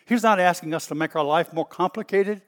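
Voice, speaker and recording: A middle-aged man with a Southern US accent, a pastor preaching in a folksy, storytelling way that bursts out loud at times. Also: sits high, brisk, long reverb tail. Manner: folksy and animated, stretches words, bursts out loud. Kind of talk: storytelling sermon.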